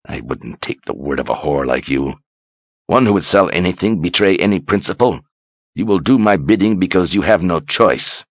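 A man voicing a cruel, zealous male inquisitor who speaks low and quietly through clenched teeth. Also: normal speed, breathy edge, no echo. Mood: menacing.

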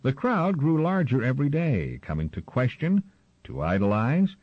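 A man narrating a storybook in an expressive storytelling manner, on a slightly muffled recording. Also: mid-range voice, normal speed. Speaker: audiobook narrator. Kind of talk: scripted narration.

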